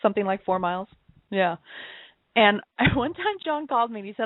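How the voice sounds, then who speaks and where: A woman's voice: medium pitch, animated, fairly quick, no echo. Woman chatting over a tinny phone line. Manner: reflective storytelling with frequent laughs. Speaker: co-host of an internet radio show. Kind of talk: casual chat.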